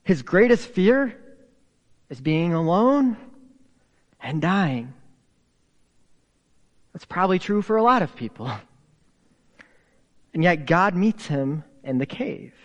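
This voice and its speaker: A pastor preaching a sermon, his delivery swinging from raised emphasis down to hushed whispers. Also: sits high, big pitch swings, long reverb tail, dull audio. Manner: slow, deliberate delivery with pauses.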